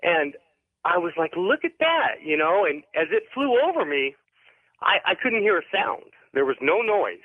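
A man's voice: high voice, lively intonation, normal speed, no echo. Man calling in over a thin phone line. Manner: rambling, hesitant, lots of ums and restarts. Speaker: caller. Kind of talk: telling a story on a radio call-in show.

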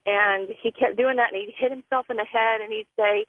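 A woman's voice: fairly high pitch, fairly quick, hardly any pauses, no room sound. Woman caller on a tinny phone line. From Florida. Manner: plain storytelling, acting out quoted speech. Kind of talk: personal story told on a call-in show.

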